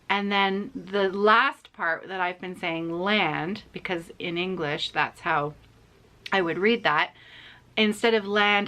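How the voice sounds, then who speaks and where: Chatty, bright-voiced woman vlogger. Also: medium pitch. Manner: chatty, self-deprecating, many restarts and fillers. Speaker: cross-stitch vlogger. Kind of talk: casual chat to camera.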